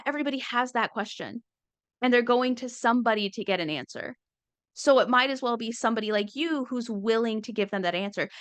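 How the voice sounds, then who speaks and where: A woman talking casually and wryly about calm conversations, dropping into quick impressions now and then. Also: fairly high pitch, clean tone, no room sound. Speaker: comedian and speaking coach. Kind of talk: casual talk with acted-out quotes.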